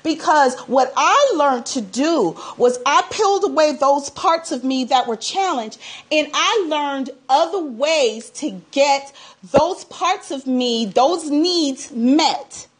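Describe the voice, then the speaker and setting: A woman coaching viewers through heartbreak in a live talk, her voice sitting high. She speaks emphatically and keeps repeating key phrases in a preacher-like rhythm. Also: lively intonation, slow pace. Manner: emphatic, repetitive, preacherly cadence. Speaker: relationship coach. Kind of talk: live-stream advice talk.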